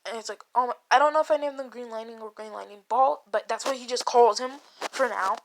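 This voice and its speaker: A woman's voice: on the high side, fairly quick. A woman casually retelling a made-up fan story, rambling and swearing, with many restarts. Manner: rambling and profane, full of restarts and "like".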